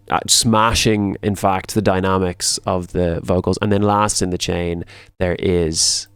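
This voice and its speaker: A man who produces music, talking through a tutorial in a relaxed, casual way and often repeating words for emphasis. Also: lowish voice, gravelly, clean tone, no room sound.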